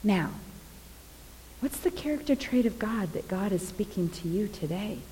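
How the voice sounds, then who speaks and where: Female preacher, mid-pitched, expressive storyteller; long hall reverb on the voice. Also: moderate pace, a little hiss or hum. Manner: expressive, dramatic retelling of scripture. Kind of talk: sermon.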